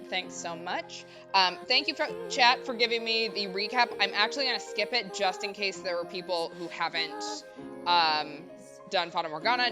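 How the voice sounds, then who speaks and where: A young woman streamer chatting casually and nervously while playing a game, babbling with lots of fillers. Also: lowish voice. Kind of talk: casual let's-play chat. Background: game music.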